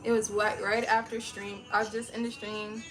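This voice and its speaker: A woman streaming from home, chatting casually with her viewers and telling a story in a lively, profane way. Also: medium pitch, moderate pace, soft background music. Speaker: live streamer.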